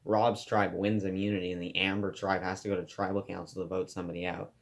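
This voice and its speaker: A man with a fairly low voice gives an eager class presentation, stumbling and restarting as he goes. His delivery is casual and heavy with fillers. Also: little pitch movement, fast, gravelly. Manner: enthusiastic, rambling with fillers and restarts. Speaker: student presenter.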